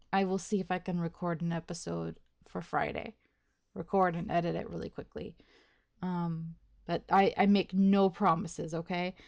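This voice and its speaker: A woman with a low-ish, gravelly voice hosts a let's play. In casual gameplay commentary, she pokes fun at herself over her schedule and the game, thinking aloud, restarting a lot, and laughing often.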